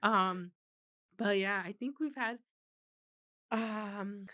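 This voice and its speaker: A woman's voice: mid-range voice, very slow, bright, forceful tone. A woman in her thirties co-hosting a podcast, chatting casually, laughing often and swearing freely. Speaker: podcast co-host. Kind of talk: casual chat.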